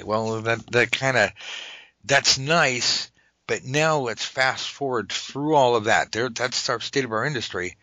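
A man's voice: mid-range voice, unhurried, pushed and bright, dry recording, low-quality recording. A man hosting a casual podcast conversation, rambling and joking, often stopping to restart his thoughts. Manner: rambling, self-interrupting, jokey. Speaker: podcast host.

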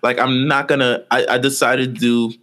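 A man's voice: mid-range voice, flat delivery, moderate pace, fairly bright tone, slight background noise. A man co-hosting a podcast, casually rambling through a story with lots of fillers. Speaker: podcast co-host. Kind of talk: casual chat.

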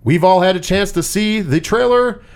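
A man hosting a casual pop-culture chat, animated and swearing freely, with lots of repeated words. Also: high voice, normal speed, clean tone. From US Northeast. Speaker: podcast host.

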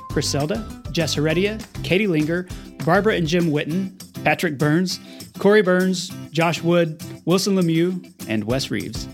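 Guy hosting his podcast, laid back, guitar music going under him. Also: a little high. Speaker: podcast host. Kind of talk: interview host and outro.

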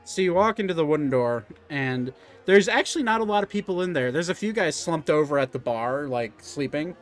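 A man's voice: on the high side, lively intonation, a little fast, soft background music. A young man narrating as game master, rambling with lots of fillers and restarts. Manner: rambling with fillers, jumps into character voices.

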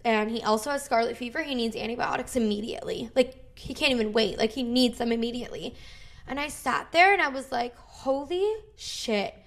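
A woman in her thirties tells a story in loose podcast chat. She acts out every quote in an animated way, with big swings in her voice, and swears freely. Her voice sits a little high. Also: brisk. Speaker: podcast co-host. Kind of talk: casual chat.

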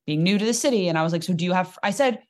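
Une femme comédienne, conteuse animée. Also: female voice, lowish voice. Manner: animated, joking storyteller with quick asides. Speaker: comedian guest. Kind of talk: casual storytelling chat.

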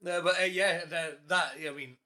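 A man's voice: high voice, steady tone, moderate pace, sharp tone. A man hosting a casual podcast, joking, laughing and swearing as he tells stories. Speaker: podcast host.

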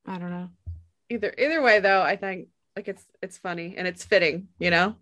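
A young woman co-hosting a casual podcast, chatting in a relaxed way and laughing easily. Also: on the low side, fairly quick, no echo, clean studio sound. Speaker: podcast co-host.

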